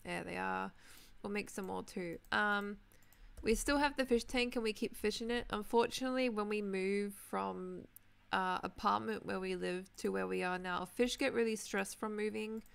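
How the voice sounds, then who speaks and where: A young woman chatting casually while streaming a building game, reading chat names and clearing her throat, her voice tired from talking. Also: medium pitch, fairly even intonation, normal speed, a bit bright. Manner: chatty, reads out chat names, many ums. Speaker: Minecraft livestreamer.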